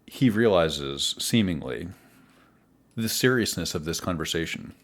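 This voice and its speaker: Slow, measured game master, man. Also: low-pitched, animated, fairly bright tone. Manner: measured, descriptive. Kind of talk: narrating a tabletop game.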